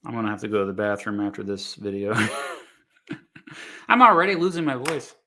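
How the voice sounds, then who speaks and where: This man, somewhere in his thirties or forties, teaches history and thinks out loud while watching videos, often restarting and using fillers. He comes across as easygoing and comforting, with a lowish voice at a normal speed.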